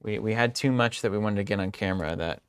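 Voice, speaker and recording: A man's voice: fairly low pitch, fast, smooth. Joking man co-hosting a game stream. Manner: joking, animated, greets chat viewers. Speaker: stream co-host. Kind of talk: casual livestream chat.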